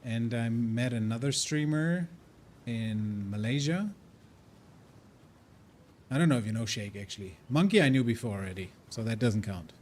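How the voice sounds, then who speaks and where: A man's voice: medium pitch, animated, normal speed, pauses often, darkish tone, a little hiss or hum. A man chatting casually with his live-stream viewers while he plays, rambling and thinking aloud. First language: German. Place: living in India.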